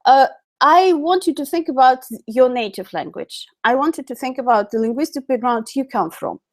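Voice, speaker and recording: A woman's voice: high voice, lively intonation, moderate pace. A woman with a Russian accent, a native Russian speaker, teaching an online English lesson in a chatty way full of fillers and self-corrections. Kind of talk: live-streamed online lesson.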